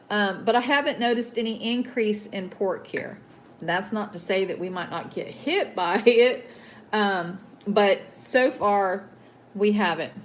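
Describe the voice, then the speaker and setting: A woman's voice: mid-range voice, slight background noise. Rambling Southern woman reading news. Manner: rambling, hesitant, with fillers and restarts. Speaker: host. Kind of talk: casual news talk, reading articles aloud.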